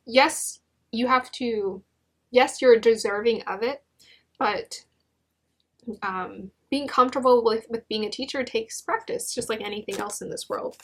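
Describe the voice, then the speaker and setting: A young woman giving a gentle, encouraging tarot reading, with many restarts and fillers. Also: on the high side, a little hiss or hum. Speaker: tarot reader.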